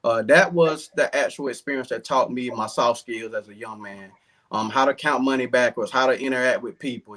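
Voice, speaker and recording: A man's voice: mid-range voice, a little fast, fairly bright tone. A man in his thirties from southern Georgia with a Southern accent, an earnest political candidate talking in an interview with frequent fillers. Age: 30s.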